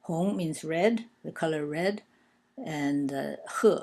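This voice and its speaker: A woman with a low voice and a gravelly, creaky edge gives a language lesson. She talks slowly, patiently and deliberately. She stops often for filler sounds while she explains characters one at a time. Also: darkish tone. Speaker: language teacher.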